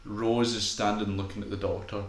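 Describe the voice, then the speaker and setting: A man co-hosting a casual podcast, joking and swearing and acting out quick lines from home. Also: fairly low pitch, level tone. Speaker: podcast co-host. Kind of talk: casual chat over a viewing. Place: home room. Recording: echoey room.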